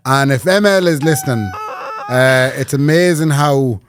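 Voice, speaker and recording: A man's voice: medium pitch, measured pace, slight background noise. An Irish man co-hosting a podcast, chatting casually and trading dry quips. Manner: dry quips, laughs often. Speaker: podcast co-host. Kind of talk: casual chat.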